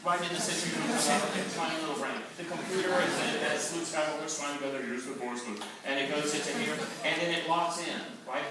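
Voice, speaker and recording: A man's voice: a little high, fairly quick, few pauses, music in the background. A man coaching a choir, playfully demonstrating sounds for the singers to repeat. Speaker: choir clinician. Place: large echoey hall. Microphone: distant camera mic. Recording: very echoey hall, heard from far off, loud noise.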